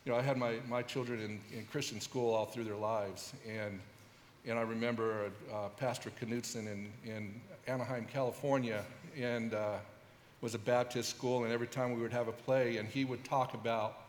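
A middle-aged man giving a testimony at a church service, speaking haltingly with many restarts and fillers. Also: mid-range voice, fairly even intonation, slight background noise. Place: large church hall. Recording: echoey church hall with long reverb.

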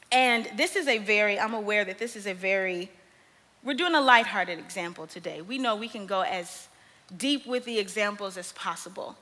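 Bright-voiced woman preaching in a hall. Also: mid-range voice, moderate pace. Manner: animated storytelling, laughs often. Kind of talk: sermon. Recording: long reverb of a large hall.

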